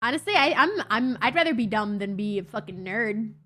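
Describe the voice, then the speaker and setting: A woman's voice: a little high, expressive, a little fast, bright, forceful tone. A woman livestreaming and chatting with her viewers in a playful, teasing way, swearing freely. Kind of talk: casual chat.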